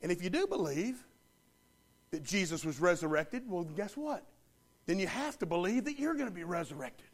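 A man's voice: high voice, big pitch swings, moderate pace. A man preaching a sermon as pastor, emphatic, repeating lines and putting questions to the congregation.

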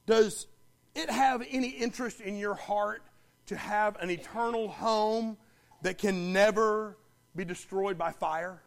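A man's voice: high voice, a little slow. A man preaching a sermon as pastor, emphatic, repeating lines and putting questions to the congregation.

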